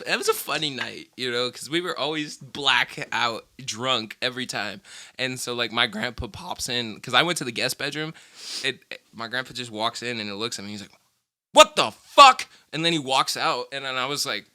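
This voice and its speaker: A man's voice: mid-range voice, expressive, normal speed, pushed and bright. A young man telling stories from his past in a rambling, profane, casual chat, laughing often. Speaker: vlogger.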